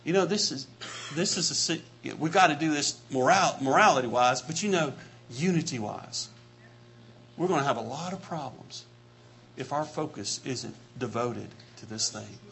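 A man preaching a sermon with passion, repeating his phrases and building to shouts. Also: mid-range voice, expressive, normal speed, gravelly, a little hiss or hum.

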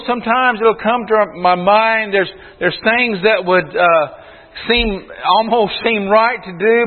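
A man preaching a sermon to his congregation in an earnest, emphatic way. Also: sits high. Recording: tinny phone-like sound with long hall reverb.

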